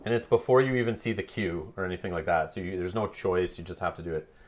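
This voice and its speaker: Low-voiced man hosting a game stream. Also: fast, noisy background. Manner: chatty, explains rules, jokes and laughs with players. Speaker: host running a board game playthrough. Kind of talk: casual live-stream game chat.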